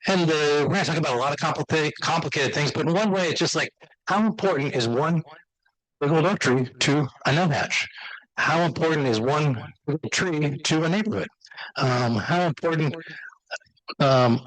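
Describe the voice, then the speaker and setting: A man giving an enthusiastic, conversational slide lecture to an audience as a university teacher. He talks in a loose, halting way with many restarts. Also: medium pitch, fairly bright tone, no echo, rough recording.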